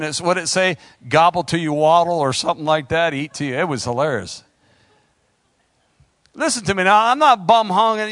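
A man's voice: high voice, fairly bright tone, no echo. A man preaching an impassioned sermon, calling out to his congregation.

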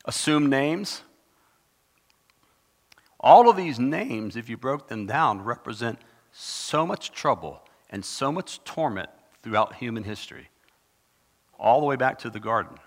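A man preaching a sermon in a dramatic, conversational way, with sudden bursts of loud emphasis. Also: medium pitch, animated, unhurried, pauses often. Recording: long reverb of a large hall.

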